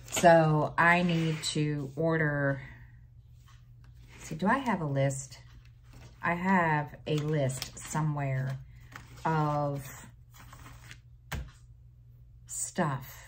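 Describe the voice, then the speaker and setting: Low-voiced, slow-talking woman vlogger. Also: a little hiss or hum. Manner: rambling, halting with many fillers and restarts; exasperated storytelling with sighs. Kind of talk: casual chat.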